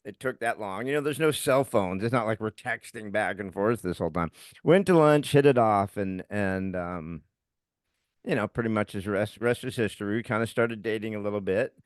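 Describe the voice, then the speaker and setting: A middle-aged man co-hosting a podcast, telling a story in a casual, animated way and laughing often as he talks. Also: on the low side, normal speed, no room sound, clean studio sound. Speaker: podcast co-host.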